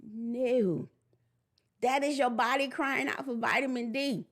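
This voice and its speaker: A woman in her forties giving a blunt, animated parenting talk that slips into acted-out voices. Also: high-pitched, moderate pace. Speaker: parenting vlogger. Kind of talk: casual preachy monologue.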